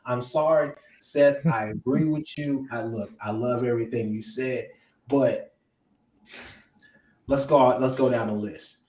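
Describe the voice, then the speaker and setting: A man ranting as an upset sports fan co-host, swinging from hushed hurt to loud outbursts. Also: mid-range voice, unhurried, reverberant, far from the mic, low-quality recording. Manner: animated venting, swings from hushed to yelling. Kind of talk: emotional sports fan rant.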